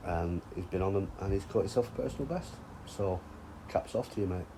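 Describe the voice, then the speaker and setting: Here the vlogging angler's deep voice moves briskly over a noisy background as he chats by the fishing lake. The talk is casual, with plenty of cursing and ribbing.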